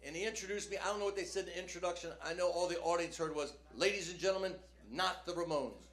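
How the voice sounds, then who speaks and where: Speaking into a handheld stage mic, an older man from New Jersey with a high voice delivers stand-up storytelling at a comedy club. His casual talk leans on "man" and "you know," and now and then he imitates announcers and crowds. It's a live club recording: roomy, noisy, with faint crowd sounds.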